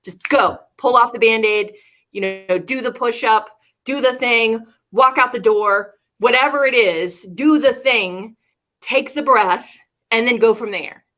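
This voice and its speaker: A woman co-hosts a casual livestream, chatting with a bright, forceful edge and a slightly raised pitch. She laughs often and speaks directly to her viewers. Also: unhurried. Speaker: co-host.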